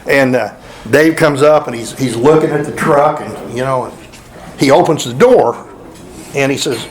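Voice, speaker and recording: A man speaking at a memorial celebration, telling folksy hunting stories with chuckles and halting restarts. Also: medium pitch, rough recording. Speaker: eulogy speaker. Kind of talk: storytelling at a memorial. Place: memorial gathering hall.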